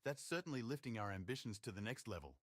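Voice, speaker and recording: An upbeat Australian guide from a factory-building game, voiced by a man, punning his way through quick, lively lines. His pitch leaps around as he talks. Soft game music plays underneath. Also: natural voice. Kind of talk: game voice-over.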